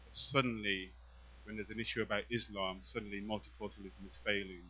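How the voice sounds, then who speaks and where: A man's voice: on the low side, fast, breathy edge, dull audio. A man, a poet, performing rhythmic spoken-word verse and chatting loosely between pieces to a live audience. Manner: rhythmic, emphatic declaiming, relaxed asides with fillers. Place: live venue before an audience.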